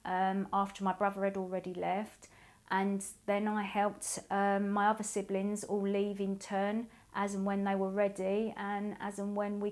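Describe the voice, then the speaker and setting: A woman in her forties speaking as a survivor, giving a halting, emotional personal testimony with many pauses. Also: medium pitch, a little mellow. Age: 40s. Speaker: abuse survivor sharing her story.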